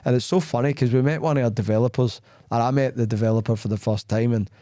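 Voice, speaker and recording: A podcast host chats casually in a medium-pitched, fast male voice, recorded dry with studio quality. He tells his stories bluntly and plainly, animating them by acting out the quoted dialogue.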